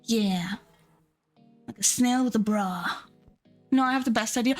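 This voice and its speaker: Young woman streamer, giggly chatterbox, higher voice, faint music bed. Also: moderate pace, long pauses. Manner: giggly, chatty, reads chat aloud. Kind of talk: casual live-stream chat.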